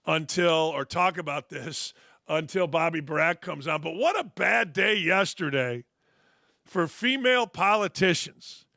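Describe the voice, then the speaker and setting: A male sports talk host with a slightly high, creaky voice and sharp tone delivers a blunt, profane, opinionated monologue at an unhurried pace. He rants brashly, mocking others with sarcastic put-on quotes and asides. The recording is dry and studio-clean.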